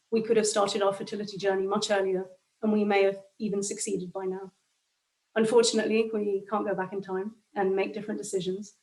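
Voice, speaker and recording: A woman in her thirties reading a personal account in a steady, flat way. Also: mid-range voice, far from the mic, rough recording. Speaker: guest sharing her fertility story.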